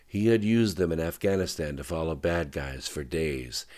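A man narrating a thriller audiobook in a steady, subdued way. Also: very deep voice, moderate pace.

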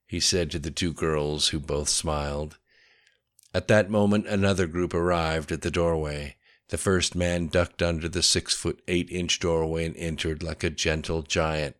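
A man reading a novel aloud as narrator, with a steady storytelling delivery and voicing each character. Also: a bass voice, unhurried. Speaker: audiobook narrator. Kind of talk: scripted narration.

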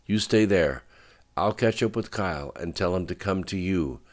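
Guy doing a nervous man, deep voice, audiobook. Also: moderate pace, close to an everyday voice. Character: nervous man, Dick, reporting a shooting.

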